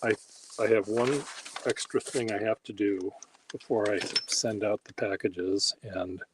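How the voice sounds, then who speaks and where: A man's voice: lowish voice, steady tone, unhurried, noisy background. A man hosting a handwriting workshop, rambling casually in a wry, self-deprecating way while he demonstrates. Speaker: pen workshop host.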